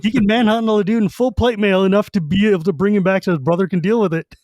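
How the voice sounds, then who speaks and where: A man co-hosting a casual book podcast, animated and quick to laugh while retelling scenes. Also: high-pitched, dry recording. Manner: animated, laughs often, reads quotes in voices. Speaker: podcast co-host.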